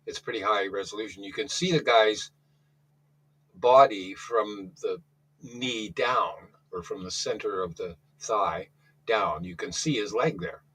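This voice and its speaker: A man's voice: on the low side, unhurried, a bit bright, slightly rough, low-quality recording. A man calling in to a talk show, telling a rambling story in a casual way, often restarting his sentences. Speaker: caller.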